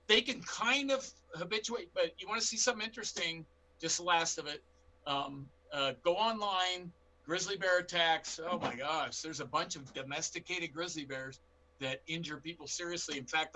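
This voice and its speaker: A middle-aged man, a bear expert guest on a panel, telling animated stories with acted-out quotes. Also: a little high, rough recording. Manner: animated anecdotes with quoted dialogue. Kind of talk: storytelling in a panel interview.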